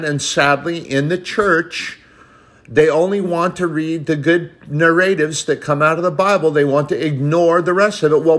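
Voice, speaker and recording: A man's voice: a little high, fairly bright tone. A man preaching a sermon, quoting scripture in an old-style cadence and building to emphatic, rising passages.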